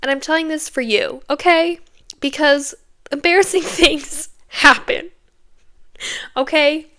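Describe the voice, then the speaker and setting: A woman's voice: high-pitched, unhurried, bright, forceful tone. A young adult woman hosting a podcast, telling a candid, self-mocking story in a casual chatty way and tagging her lines with "okay?". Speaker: podcast host.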